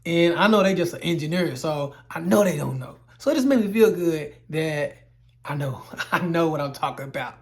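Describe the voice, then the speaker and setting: A man's voice: fairly high pitch, lively intonation, normal speed. A man teaching welding terms in a casual explainer video, loose and rambling, repeating himself, with playful exaggerated asides. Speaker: welding instructor.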